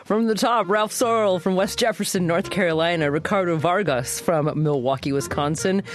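A woman hosting a public radio talk show, speaking in an articulate, measured way. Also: lowish voice, soft background music.

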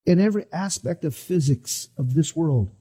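A man's voice: on the high side, expressive, moderate pace, warm tone, breathy edge. A middle-aged man preaching a sermon as pastor, dramatic and acting out the voices of the people in his story. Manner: dramatic, acts out voices of the disciples.

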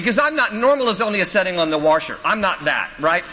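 A man's voice: high voice, animated, quick pace, few pauses, background noise. A man preaching a sermon as a pastor, emphatic and repeating key lines, with humorous storytelling asides. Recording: long reverb of a large hall.

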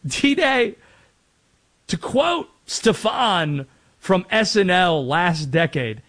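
A man's voice: high-pitched, big pitch swings, drawn-out words, fairly bright tone. A man from North Carolina hosting a sports talk show, chatting and rambling with self-deprecating asides. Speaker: sports radio host.

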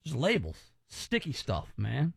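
A man's voice: mid-range voice, wildly swooping pitch, measured pace, vocal fry, husky, no echo. A man hosting a radio show, teasing callers in casual, rambling banter.

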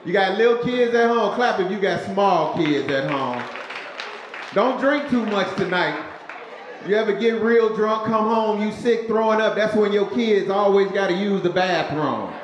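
A man's voice: sits high, a little slow, reverberant, muffled recording, slight background noise. A male stand-up comedian telling stories to a crowd with a punchy, storytelling delivery. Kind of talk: stand-up routine.

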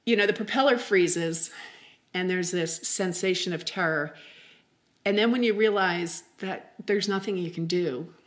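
Low-voiced woman telling a story. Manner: halting, chatty, many fillers and restarts. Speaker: interview guest. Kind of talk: personal storytelling.

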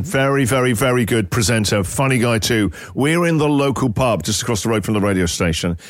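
A man with an English accent hosting a radio phone-in show, telling an animated story and chatting with callers. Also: medium pitch, no room sound, clean studio sound. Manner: animated anecdote teller, acts out quotes. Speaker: radio breakfast show host. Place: radio studio. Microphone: studio mic.

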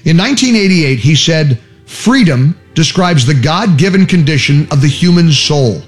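A man giving a scripted narration in a solemn, measured way. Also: fairly high pitch, expressive, faint music behind. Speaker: narrator of a radio segment.

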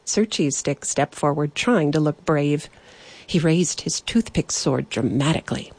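A woman narrating a children's bedtime story in a gentle storytelling manner. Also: low-pitched, expressive, unhurried, dry recording.

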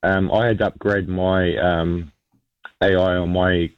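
A man's voice: low-pitched, little pitch movement, measured pace, no echo, lo-fi sound. A New man chatting casually as a radio guest, rambling with lots of ums and restarts.

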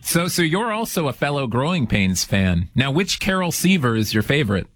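A man hosting a radio show, taking calls in a jokey, animated way. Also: medium pitch, normal speed, no room sound, studio quality. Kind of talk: casual radio chat.

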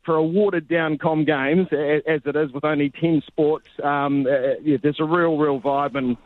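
Laid-back New sports reporter. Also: male voice, on the high side, fairly even intonation, normal speed, no echo, narrow, tinny audio. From New Zealand. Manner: laid-back, rambling, chummy. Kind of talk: casual radio chat.

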